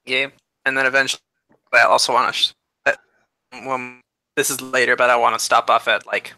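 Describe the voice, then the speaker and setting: A man's voice: mid-range voice, flat delivery, fairly quick, pushed and bright, no room sound, rough recording. A man playing a royal character in a tabletop game, playful, giggly and theatrical. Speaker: player.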